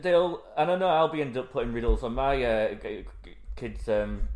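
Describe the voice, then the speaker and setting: Young man, mid-pitched, echoey. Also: moderate pace, a little mellow. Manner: rambling, self-correcting anecdotes. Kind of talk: casual chat. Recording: roomy echo.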